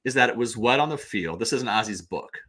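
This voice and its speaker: A man from the St. Louis area, a podcast guest, telling stories in an animated, rambling way with lots of restarts. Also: medium pitch, fast. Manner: animated, digressive storyteller. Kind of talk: casual chat.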